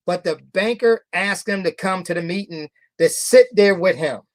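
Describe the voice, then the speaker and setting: A man's voice: high-pitched, dry recording. A man, a company founder, telling a motivational story to members, repeating phrases for emphasis and asking the audience rhetorical questions. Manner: repeats phrases for emphasis, drawn-out key words.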